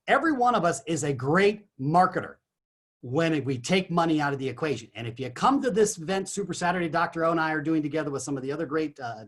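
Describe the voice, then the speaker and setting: A man giving an energetic motivational talk as a guest on a business call, animated and emphatic. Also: a little high, breathy edge. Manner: animated, emphatic, punchy exclamations.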